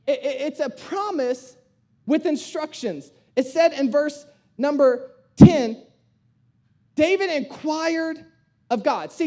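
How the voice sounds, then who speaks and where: A young man pastor preaching a sermon, telling a family story in an animated way and repeating key phrases for emphasis. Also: very high-pitched. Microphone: streamed sermon.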